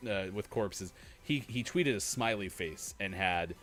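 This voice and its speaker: A man's voice: on the low side, animated, unhurried, fairly bright tone, soft background music. A man in his thirties co-hosting a gaming morning show in casual chat, laughing often while telling anecdotes.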